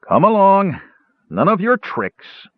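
A man voicing a rough male town guard who barks and snarls orders, on a tinny narrow-band recording. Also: medium pitch, very animated, fairly quick, no echo. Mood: harsh. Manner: barking, rough.

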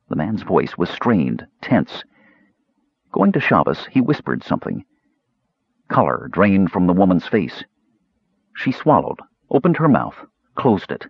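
Low, husky male audiobook narrator. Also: big pitch swings, moderate pace, no echo. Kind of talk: scripted narration. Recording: dull, dry recording.

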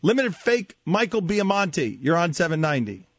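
A man's voice: on the high side, very animated, moderate pace, no room sound. A man hosting sports talk radio, exasperated and needling, his voice cracking, close on a studio mic.

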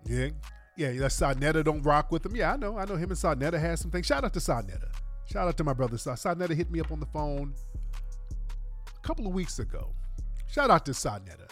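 Animated slangy man on a livestream. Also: a little high, a little fast, faint music behind. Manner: animated slangy street talk. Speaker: livestream host. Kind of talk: casual livestream talk.

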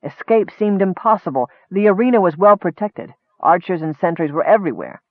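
A man reading a fantasy novel aloud in steady, measured narration. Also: high-pitched, dry recording. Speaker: audiobook narrator. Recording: thin phone-like dry sound.

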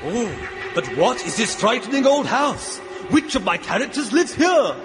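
A man's voice: extremely high pitch, sing-song, normal speed, heavy background noise. A man voicing a pompous, shameless Victorian novelist, theatrical and self-satisfied, in a comedy radio sketch. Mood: grandiose. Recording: loud music behind the voice.

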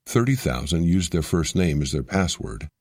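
A man narrates a scripted explainer in a measured, steady way. His voice sits very low and has a husky edge. The recording is dry and close, with no room sound. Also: no echo.

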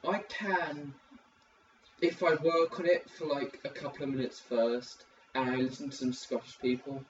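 A man's voice: medium pitch, steady tone, normal speed. A man co-hosting a casual podcast chat, rambling and joking as he talks. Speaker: podcast co-host. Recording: distant mic, dull sound, faint hiss.

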